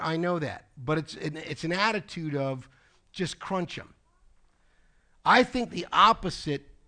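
Sharp in tone and sitting on the high side, this middle-aged man preaches to his congregation as their pastor. He tells a personal story like a storytelling preacher, dropping in casual asides such as "okay?" and "folks."

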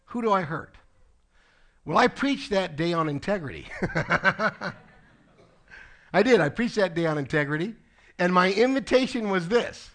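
A man's voice: on the high side, fairly bright tone. A middle-aged man preaching a sermon as pastor, telling a personal story with casual asides to his congregation. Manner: storytelling preacher, conversational asides like "okay?" and "folks".

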